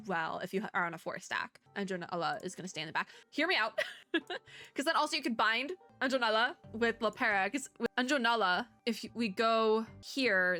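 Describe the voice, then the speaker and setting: A woman's voice: medium pitch, bright, forceful tone. A young woman giving casual, rambling commentary while playing a game, laughing often and using lots of fillers. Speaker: streamer playing and reading a game story.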